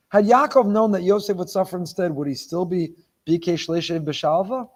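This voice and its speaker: Man with a high voice, rabbi, Torah sermon, rhetorical questions, repeated phrases for emphasis. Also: normal speed. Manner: rhetorical questions, mixes Hebrew terms into English. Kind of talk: weekly Torah portion sermon.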